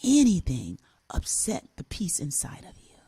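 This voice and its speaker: Lively, animated woman telling a story. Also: fairly low pitch, a little slow, husky. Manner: animated, laughing, acts out voices in her story. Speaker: co-host and musician. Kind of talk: storytelling on a talk show.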